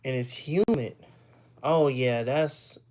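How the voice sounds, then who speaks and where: A man's voice: medium pitch, slow, darkish tone. A man from Texas, chatting casually with viewers on a live stream, rambling and repeating words as he talks. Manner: loose and rambling, repeats words, laughs often.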